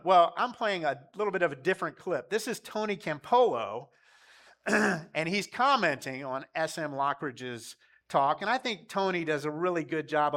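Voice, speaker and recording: A man's voice: a little high, a bit bright. A man preaching a sermon to his church in an earnest, conversational way. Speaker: pastor.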